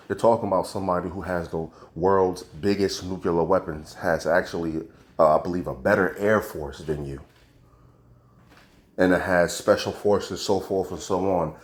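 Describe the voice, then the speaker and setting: A man giving casual commentary on news and prophecy, talking in slang with preachy asides. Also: sits low. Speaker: religious commentator.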